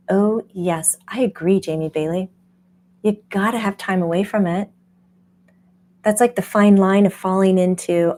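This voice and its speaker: A woman who hosts a spiritual channel as a medium, teaching casually in an animated way and laughing often. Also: medium pitch, moderate pace, a little hiss or hum. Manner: animated, laughs often, acts out quoted voices.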